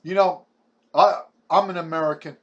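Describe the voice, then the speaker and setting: Combative older New man, higher voice. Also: steady tone, normal speed, a bit bright, highs cut off. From Brooklyn, New York. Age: 70s. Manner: blunt, combative, stumbling restarts. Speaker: vlogger. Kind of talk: ranting monologue.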